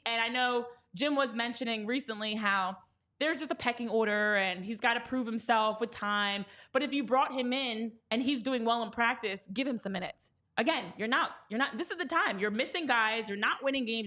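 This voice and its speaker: A woman's voice: a little high, fairly quick, sharp tone. A woman co-hosting a casual sports podcast, talking emphatically with exasperated rhetorical questions. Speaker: podcast co-host.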